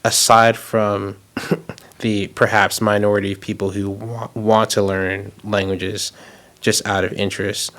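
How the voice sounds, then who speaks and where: A male podcast host who explains his points carefully and at a measured pace. His voice sits somewhat low and stays fairly flat, with little rise and fall. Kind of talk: podcast conversation.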